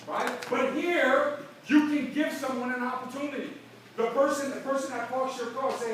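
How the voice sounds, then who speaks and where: Middle-aged male motivational speaker, high-pitched and punchy, heard from a distance in an echoey convention hall. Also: slight background noise. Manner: energetic, fast-shifting, acts out dialogue, frequent "right?". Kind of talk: convention stage speech. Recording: echoey hall recording from far off.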